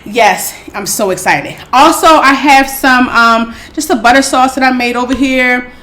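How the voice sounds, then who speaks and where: A woman hosting an eating show, chatting casually and excitedly to her viewers, calling them y'all. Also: high voice, a little slow. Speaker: mukbang host.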